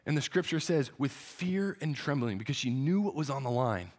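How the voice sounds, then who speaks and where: A man's voice: fairly high pitch, lively intonation, fairly quick. A man preaching a sermon, retelling a story with earnest feeling and frequent restarts. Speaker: pastor.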